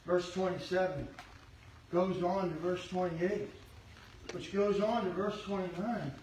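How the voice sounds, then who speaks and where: A middle-aged man preaching a sermon as pastor, fervently shouting his exhortations to the congregation. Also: sits high, steady tone, measured pace. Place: church sanctuary. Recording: echoey sanctuary from far off with faint hum.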